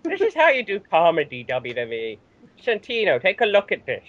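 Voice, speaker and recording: Man, British accent, casual wrestling recap, fairly high voice, dull audio. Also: normal speed, dry recording. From Britain. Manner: animated, laughs often, acts out quotes. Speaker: show host.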